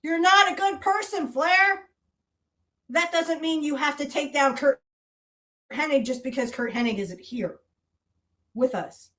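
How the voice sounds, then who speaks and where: A woman's voice: high-pitched, measured pace, long pauses, bright, forceful tone. A woman hosting a podcast, delivering a heated, profane, accusatory monologue full of repeated rhetorical challenges. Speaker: podcast host. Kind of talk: angry monologue rant.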